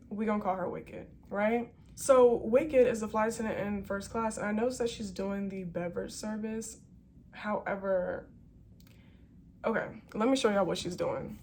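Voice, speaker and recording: A woman flight attendant telling a story in a casual vlog, animated and chatty with plenty of slang. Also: medium pitch, measured pace, a little hiss or hum.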